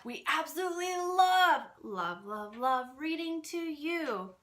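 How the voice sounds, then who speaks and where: A woman's voice: high voice, animated, slow, a bit bright. A woman co-hosting a children's storytime channel, talking in an upbeat, friendly way to young viewers. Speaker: storytime host. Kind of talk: children's read-aloud channel chat.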